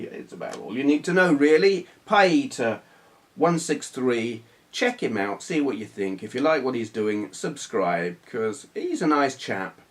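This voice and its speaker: Guy, retro gaming vlogger, casual rambling chat with lots of restarts and self-deprecating asides. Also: medium pitch. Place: small hot room under bright video lights.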